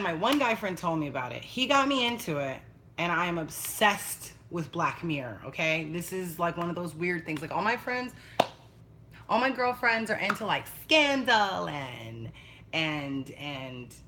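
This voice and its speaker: A woman's voice: on the low side, pushed and bright, a little hiss or hum. A young woman chatting casually and bluntly on a livestream, swearing freely. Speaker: vlogger.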